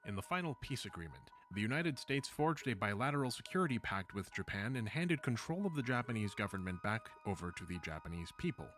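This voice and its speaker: A man narrates a video essay from a script, his pitch rising and falling in an animated way as he moves through the points. His delivery is measured, and he drops in wry asides along the way. Soft music runs faintly underneath.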